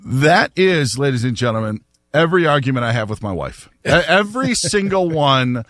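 A man hosting a sports talk show, telling a story in an animated, laughing way. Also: mid-range voice, moderate pace, no echo, clean studio sound. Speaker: radio talk show host.

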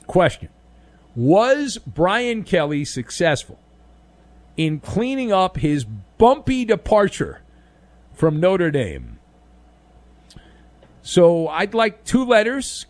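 A man's voice: high voice, big pitch swings, takes it slowly, dry recording. A man hosting a sports talk show, delivering sarcastic, mocking commentary.

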